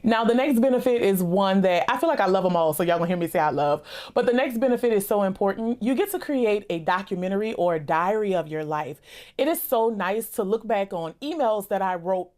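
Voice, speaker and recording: An enthusiastic woman speaks straight to camera in a motivational talk, stacking up emphatic lists with casual, chatty asides. Her voice sits at an ordinary middle pitch for a woman. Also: animated, brisk, a little mellow. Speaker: content creator and host.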